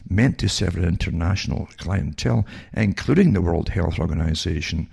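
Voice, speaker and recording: Gravelly, sardonic older man with a Scottish accent. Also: normal speed, a little mellow. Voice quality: very creaky, rough low voice. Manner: sardonic, asides like "eh?" and rhetorical questions. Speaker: radio talk show host. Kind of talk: reading news items aloud with sarcastic commentary.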